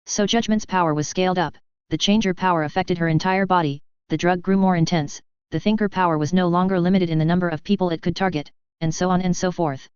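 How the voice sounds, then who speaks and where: An audiobook narrator reads a fanfiction story aloud in an even, measured manner, beginning with an author's note before moving into the chapter. The voice is medium-pitched and clean with no echo, though the recording sounds muffled.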